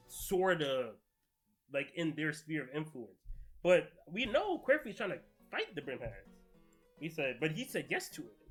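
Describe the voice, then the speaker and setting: Hyped young guy reacting to manga, bright voice that jumps all over, lots of slang. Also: fairly high pitch. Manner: excitable, slangy, talks to viewers, swears often. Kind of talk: casual reaction vlog.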